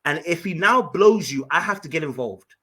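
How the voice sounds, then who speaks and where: A man with a husky, slightly raised voice tells a story on a podcast. He talks with emphasis and keeps circling back over his own words, restarting phrases as he goes. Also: a little high, expressive, normal speed, a bit bright. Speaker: podcast host.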